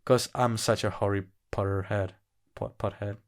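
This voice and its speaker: A man's voice: lowish voice, steady tone, normal speed. A man co-hosting a podcast, chatting casually, joking and swearing with frequent laughter. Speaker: podcast co-host. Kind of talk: casual chat.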